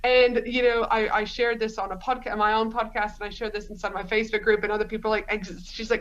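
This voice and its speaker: A woman's voice: on the high side, flat delivery, quick pace, few pauses, highs cut off, slight background noise. A woman from Australia, a podcast guest telling her story in a rambling, chatty way. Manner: rambling, storytelling, frequent fillers. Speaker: podcast guest, business coach. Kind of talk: conversational interview.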